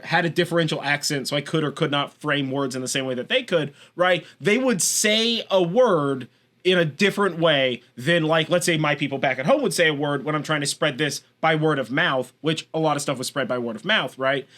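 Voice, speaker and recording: A man's voice: on the high side, normal speed, fairly bright tone. A man with a Californian accent co-hosting a podcast, chatting casually in a rambling way, swearing now and then and laughing often. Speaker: podcast co-host. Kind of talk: casual chat.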